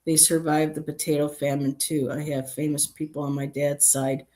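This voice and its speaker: A woman's voice: sits low, little pitch movement, normal speed, mellow. A middle-aged woman hosting a casual livestream, chatting and reading out chat messages with many ums.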